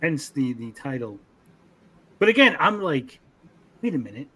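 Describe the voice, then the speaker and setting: A young man co-hosting a casual anime review, animated, acting out character lines in funny voices. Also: on the high side, measured pace, breathy edge. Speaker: podcast co-host.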